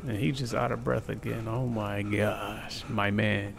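A man commenting on his own gameplay in a loose, chatty way. He reacts with sudden exclamations and talks himself through each move. His voice has a gravelly edge, and loud game noise sits behind him. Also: on the low side, steady tone, a little slow. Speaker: gamer. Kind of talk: let's play commentary.

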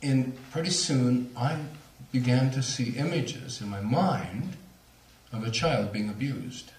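A man, a speaker on near-death experiences, telling a story to a lecture audience with animated, laughing delivery. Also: medium pitch, slow pace, roomy sound, recorded from a distance, a little hiss or hum. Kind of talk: storytelling at a talk.

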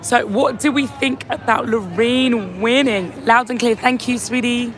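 A hoarse, tired woman hosting a casual live-stream chat outdoors outside a venue, reading out viewer comments into a phone held at arm's length. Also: a little high, measured pace, faint music behind. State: hoarse, lost voice. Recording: crowd noise on a busy street.

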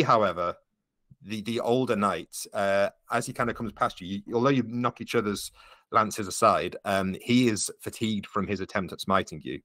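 Low-voiced male game master, patient. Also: fairly bright tone, no echo. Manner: explains rules patiently, lots of ums. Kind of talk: running a tabletop game.

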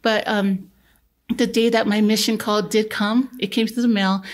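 A woman's voice: mid-range voice, moderate pace. Earnest woman telling her life story. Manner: earnest, easygoing, with relaxed fillers. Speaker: podcast guest, nurse. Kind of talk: conversational personal storytelling.

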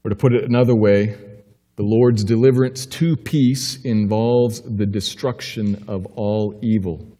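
A male pastor delivers a sermon in a church, his mellow, warm voice ringing with a long reverb. He preaches emphatically, climbing into urgent questions and then sinking low and quiet to reassure. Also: fairly even intonation, a little slow. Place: church sanctuary.

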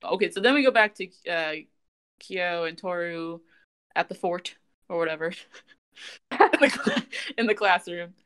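Woman, podcast host, casual chat, animated retelling, smooth clear voice. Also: lowish voice, unhurried, pauses often. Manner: animated retelling, laughs often. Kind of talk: casual chat, recapping an anime.

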